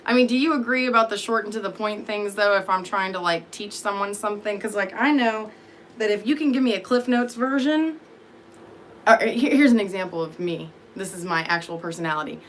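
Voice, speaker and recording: A woman's voice: medium pitch, fairly even intonation, a little fast, slight background noise. A sleepy woman in her thirties, rambling and swearing as she answers her live chat. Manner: rambling, profane, self-deprecating, answering chat. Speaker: vlogger talking to live chat.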